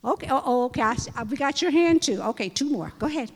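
High-voiced woman calling out praise. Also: lively intonation, quick pace, breathy edge. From Florida, USA. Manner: exuberant, calling out praise and hallelujahs. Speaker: prayer meeting leader. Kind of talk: leading a church testimony meeting. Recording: long reverb of a church hall.

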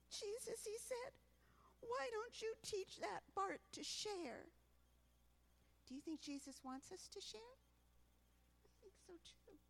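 Animated woman telling children a story. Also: sits high, creaky, slight background noise. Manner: animated, asks children questions.

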